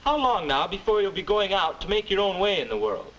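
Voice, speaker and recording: A man's voice: high-pitched, sing-song, a little fast, a bit bright, rough recording. A man playing an earnest young future self who lectures on manners in a 1950s educational film, heard through an old soundtrack with hiss. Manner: earnest, instructive.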